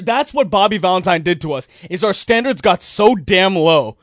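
A man's voice: high voice, animated, a little fast, few pauses, dry recording. A man hosting a casual sports talk radio show, telling stories with energy and mimicking the people he talks about.

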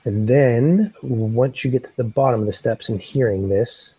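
A man's voice: medium pitch, normal speed, mellow, breathy edge, low-quality recording. A man narrating as game master of a tabletop game, rambling with many fillers and restarts.

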